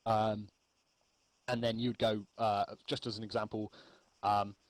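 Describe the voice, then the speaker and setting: A man explaining radio procedure in a relaxed, rambling spoken lesson, with frequent ums. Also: on the low side, a little slow, no room sound, poor audio. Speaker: milsim infantry instructor.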